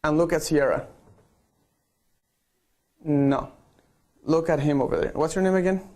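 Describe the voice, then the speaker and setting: A man's voice: fairly high pitch, measured pace, a little mellow. A man directing a group photo shoot on a live stream, playful and coaxing, checking in with "okay" after each instruction.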